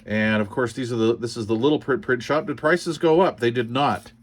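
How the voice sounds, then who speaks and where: A man's voice: medium pitch, fairly quick. A man chatting casually as he unboxes radio cards, rambling and joking as he reads call signs aloud. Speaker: CB radio hobbyist vlogger.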